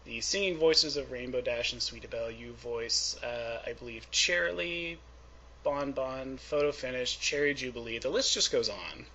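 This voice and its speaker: A man's voice: mid-range voice, normal speed, bright, forceful tone, lo-fi sound, slight background noise. A man hosting an interview, asking questions in a chatty, friendly way with hesitant fillers. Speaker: interviewer host.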